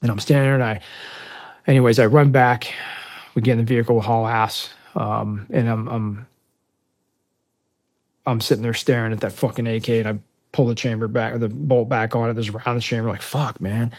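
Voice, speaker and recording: Profane, animated male storyteller. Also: mid-range voice, fairly quick, long pauses, no echo. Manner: animated, profane, acts out the dialogue. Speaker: podcast guest. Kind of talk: storytelling in a conversation.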